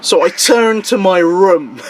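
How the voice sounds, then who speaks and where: A young man telling a party story in casual chat, animated and swearing, his voice jumping high when he quotes himself. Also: slow pace, a little hiss or hum. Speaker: guest.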